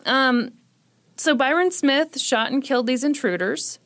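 A woman podcast host narrating a true crime tale with jokey sarcasm, sounding short on sleep. Her voice sits fairly high and is recorded close and dry. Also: a little slow, fairly bright tone, no echo. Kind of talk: true crime storytelling and casual chat.

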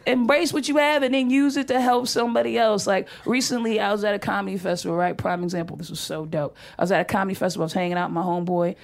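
A woman's voice: medium pitch, fairly even intonation, very fast, creaky, few pauses. A young woman doing a stand-up comedy set on a club stage, brash and profane, laughing through her punchlines into a handheld mic.

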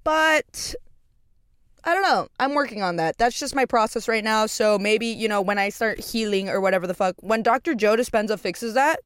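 A young adult woman hosts a podcast, telling stories expressively in a casual, rambling monologue packed with profanity and fillers. Her voice is a little high and smooth, at a moderate pace, captured in a dry, clean studio recording.

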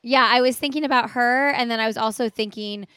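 A woman hosting a running podcast, her voice a little high and very smooth. The sound is dry and close. She asks questions in an encouraging way. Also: brisk, bright, forceful tone, no room sound. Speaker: podcast host. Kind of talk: podcast interview.

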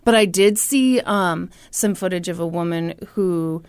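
A woman's voice: lowish voice, measured pace, darkish tone, clear, resonant tone, no echo. A woman co-hosting a podcast in casual chat, joking bawdily at her own expense and swearing freely. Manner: bawdy, self-mocking, swears freely. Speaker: podcast co-host.

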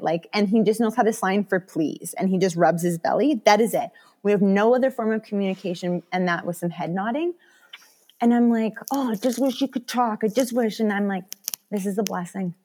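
A woman in her thirties, a podcast guest, chatting casually and acting out her own thoughts in animated asides. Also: mid-range voice. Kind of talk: casual interview chat.

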